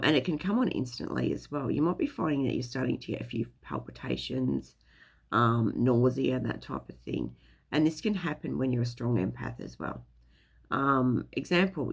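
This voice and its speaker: Gravelly rambling spiritual chat, swings up and down a lot, swears casually. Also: medium pitch, sing-song, normal speed. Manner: rambling, chatty, loose swearing. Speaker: spiritual teacher. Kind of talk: casual explainer talk.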